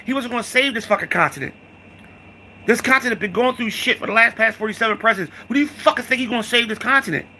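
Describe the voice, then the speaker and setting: A man's voice: very high-pitched, pushed and bright, slight background noise. A man from the United States giving a heated, profane political rant, repeating himself and calling the listener "dog".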